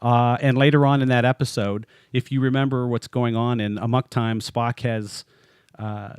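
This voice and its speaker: A man's voice: mid-range voice, flat delivery, moderate pace, a little mellow, clean tone, no echo, clean studio sound. A man co-hosting a podcast in casual, chatty talk, joking and laughing often as he goes. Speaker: podcast co-host.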